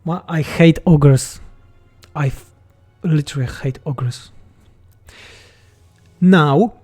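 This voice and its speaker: A man's voice: fairly high pitch, slow, darkish tone, husky, faint music behind. A man from Poland with a Polish accent, a game mod developer reading chat questions aloud and answering them bluntly and jokingly on a livestream.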